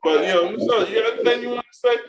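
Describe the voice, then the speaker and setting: A man hosting a casual chat, talking in a relaxed, slangy way and handing the floor to a guest. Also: high-pitched, very fast, echoey room, crowd noise. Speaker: host.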